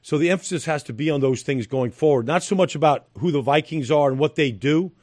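A man's voice: a little high, brisk, a little mellow, no room sound. A middle-aged man giving football analysis as a studio guest, talking emphatically with repeated phrases and fillers. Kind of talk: studio sports analysis chat.

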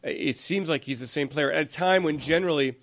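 A man's voice: a little high, a little fast, a bit bright. A man hosting a studio sports interview, asking questions in a conversational way. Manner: conversational, asks leading questions. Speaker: sports show host.

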